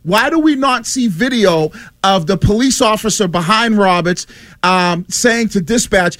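High-pitched male radio co-host, dry close studio mic, pushy point-by-point arguer. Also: expressive, measured pace, a bit bright, dry recording. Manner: emphatic, argues point by point, interrupts callers. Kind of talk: radio call-in debate.

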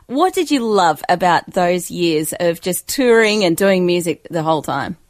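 A woman's voice: on the low side, lively intonation, normal speed, no echo, clean studio sound. A woman hosting an interview, asking friendly questions and affirming her guest. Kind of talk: conversational interview.

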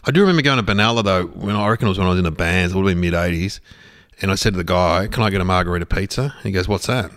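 A middle-aged man, co-hosting a podcast, excitable and telling stories. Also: deep voice, very fast. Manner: excitable, animated storyteller. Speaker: podcast co-host. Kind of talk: casual chat.

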